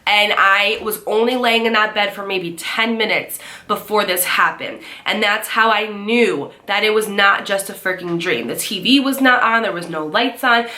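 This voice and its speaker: A young woman telling a scary story to her viewers, animated and swearing, acting out the voices of the people in it. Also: medium pitch, moderate pace, hardly any pauses. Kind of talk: storytime chat to camera.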